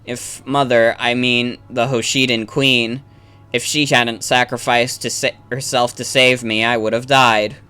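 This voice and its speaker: Earnest young hero prince, plain read-along, a man voicing him, slow and bright. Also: medium pitch, little pitch movement, clean tone. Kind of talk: game dialogue read-along.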